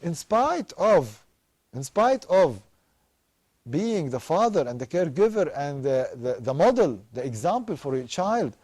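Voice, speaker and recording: A man's voice: a little high, sing-song, unhurried, a little mellow, no room sound. A man hosting a live family counseling show, giving emphatic advice to parents and repeating words for stress.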